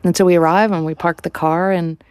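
A woman narrating a radio story in a relaxed storytelling manner. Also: on the low side, fairly quick, a little hiss or hum. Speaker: reporter, narrator. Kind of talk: scripted narration.

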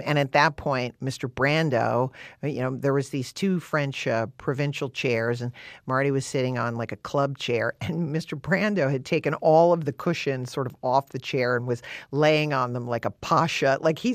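A woman guest in an interview, telling a story in an animated, chatty way with lots of "you know" and "like". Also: extremely low pitch, no room sound, clean studio sound. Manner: animated and chatty, with many fillers. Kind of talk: casual storytelling.

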